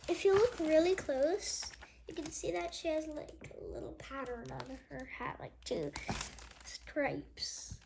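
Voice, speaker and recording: A woman with a high, bright-pitched voice reads a children's chapter book aloud. She takes her time over each line, stumbling now and then and stopping for casual asides. A faint hiss sits under the voice. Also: expressive, creaky. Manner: slow careful reading with small slips and chatty asides. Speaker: read-aloud host.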